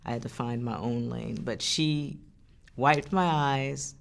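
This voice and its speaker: A woman's voice: rumbling low, takes it slowly, gravelly. A woman singer from France speaking in a candid interview, telling stories in an earnest, heartfelt way with frequent restarts. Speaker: singer and songwriter.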